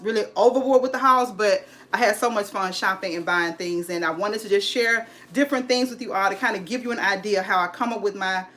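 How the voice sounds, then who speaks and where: A woman's voice: medium pitch, fairly bright tone. A woman, bubbly and hyped, greeting viewers on a home decor livestream. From California. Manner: bubbly, hyped, calls viewers sis and honey. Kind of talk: live-stream chat. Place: home, indoors.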